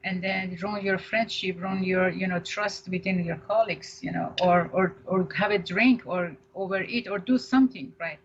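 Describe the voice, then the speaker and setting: A woman's voice: lowish voice, fairly even intonation, moderate pace, few pauses. A female co-host on a counseling radio show, explaining steadily and often adding "you know" and "right?". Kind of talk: radio talk show discussion. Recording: dull lo-fi radio audio with faint hiss.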